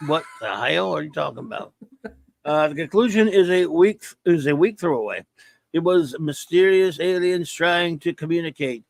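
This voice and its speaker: A man's voice: fairly high pitch, expressive, moderate pace, vocal fry, no echo. A man hosting a casual live-stream review, rambling and joking as he reads viewer chat aloud. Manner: rambling, joking, stumbles over words. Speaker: show host reading viewer chat.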